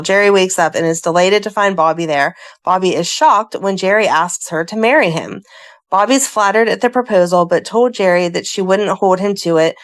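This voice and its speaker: Chatty woman recapping soap plots. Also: lowish voice. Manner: reads plot summaries aloud and adds chatty asides. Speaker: podcast co-host. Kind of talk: casual chat, reading episode recaps.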